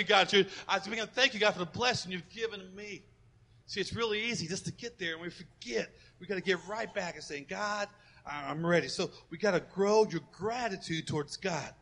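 A man preaching a fervent sermon as pastor of a church, leading the congregation in loud call-and-response, then dropping to soft, close asides. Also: sits high, brisk.

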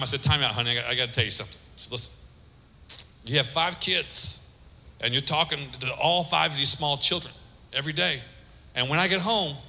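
A middle-aged male pastor preaching a sermon in a large hall, his voice sitting fairly high and sounding very bright. He is animated, moving between loud, emphatic lines and soft, low asides. A long reverb trails after his words.

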